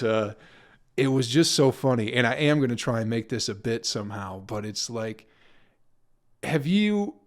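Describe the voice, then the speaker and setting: A young adult comedian with a mid-range voice hosts his own podcast, rambling casually, swearing freely and laughing at his own stories.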